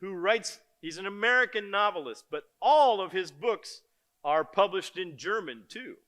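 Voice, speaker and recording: An older man giving a conference keynote, telling stories in a lively, joking and blunt way. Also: a little high. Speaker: keynote speaker. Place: conference stage before an audience.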